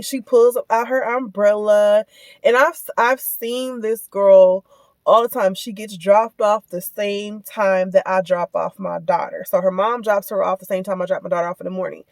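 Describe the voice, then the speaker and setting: A mother talks straight to her viewers in a lively, casual rant, full of asides. Her voice sits in a middle pitch. The phone audio from her car is close and dry. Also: dry recording. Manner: animated, lots of asides and direct address to viewers. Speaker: vlogger and mother. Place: in a car, on the way to pick up kids.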